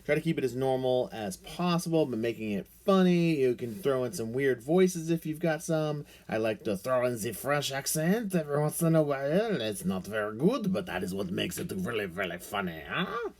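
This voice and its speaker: An energetic man talks through screencast tips like a teacher. His pitch swoops up and down in a lively, animated way, and he keeps the tone playful and excited. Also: normal speed, few pauses. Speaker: teacher making a screencast tutorial. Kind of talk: upbeat instructional talk to camera.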